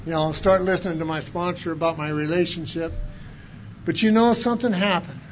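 Man, high voice, folksy recovery testimony, colloquial storytelling, loud-to-hushed swings, dull lo-fi sound. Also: brisk, slight background noise. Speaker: recovering alcoholic sharing his story.

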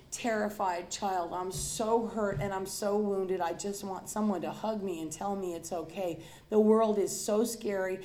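In a roomy-sounding space, a woman with a slightly high, somewhat mellow voice gives a personal talk about her alcoholism and recovery. Speaking candidly and confessionally to the audience, she gets emphatic and dramatic when she acts out who she used to be.

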